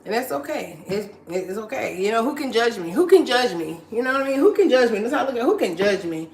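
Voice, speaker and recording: A woman's voice: a little high, very animated, quick pace, darkish tone, slight background noise. A mother hosting a casual live stream from home while cleaning, chatting with viewers and encouraging them, repeating her phrases. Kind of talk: casual chat reading viewer comments. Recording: echoey room.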